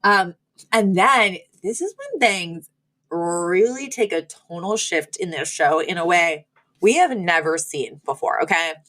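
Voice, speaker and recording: A woman's voice: fairly low pitch, expressive, unhurried, fairly bright tone. A woman co-hosting a podcast, recapping an episode in casual chat, full of fillers and laughs. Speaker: podcast co-host.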